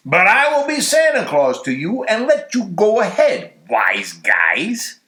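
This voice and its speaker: Male reader voicing a young street cop, sarcastic, drawling taunts, bright voice in an echoey church. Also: high-pitched, huge pitch swings, a little slow, heavily acted.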